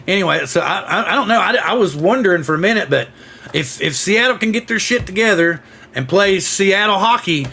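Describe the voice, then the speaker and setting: A man's voice: high voice, lively intonation, moderate pace, creaky, bright, forceful tone. A man hosting a casual livestream, chatting and rambling as he greets viewers by name. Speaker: host.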